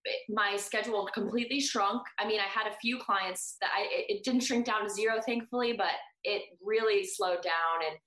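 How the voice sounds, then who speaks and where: Woman guest, bright forceful voice, casual rambling chat with restarts, echoey room. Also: medium pitch, normal speed. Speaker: personal trainer guest.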